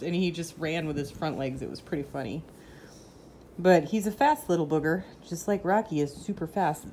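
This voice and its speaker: A woman with a fairly low voice chats casually at home, rambling through everyday stories. She keeps the tone easy and conversational, with a faint hiss in the background. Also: a little mellow. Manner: chatty storytelling, breaking off to scold her dogs. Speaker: vlogger. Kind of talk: casual chat. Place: home with pets.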